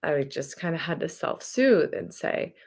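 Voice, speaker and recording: A woman's voice: deep voice, expressive, a little slow, vocal fry, a little mellow, slightly rough. A woman therapist telling a personal story in a casual, chatty way, rambling and correcting herself as she goes. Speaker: therapist and hypnotherapist.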